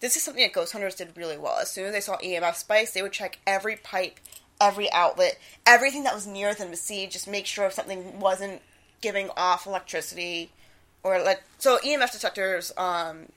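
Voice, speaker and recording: Bright, giggly young woman co-host. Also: mid-range voice, fairly quick. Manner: giggly, animated, breaks into loud quoted yelling. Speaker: podcast co-host. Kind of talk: casual podcast chat.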